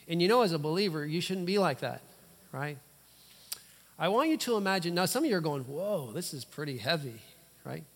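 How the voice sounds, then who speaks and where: Emphatic male preacher with long hall reverb. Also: a little high. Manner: emphatic, with dramatic pauses and sudden loud bursts. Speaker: pastor. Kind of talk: sermon. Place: church.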